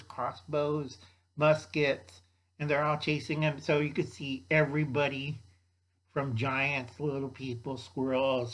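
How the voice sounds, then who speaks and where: An older man with a slightly high voice rambles through a movie plot he wrote down, stumbling over his notes. His delivery is loose and chatty, full of asides and restarts. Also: a bit bright, poor audio. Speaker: YouTube host.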